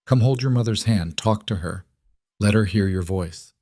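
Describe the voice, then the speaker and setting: A man's voice: mid-range voice, expressive, moderate pace, a little mellow, no room sound, studio quality, close to an everyday voice. A man playing a firm frontier healer woman. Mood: gentle. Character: young woman, frontier healer, urgent and steady.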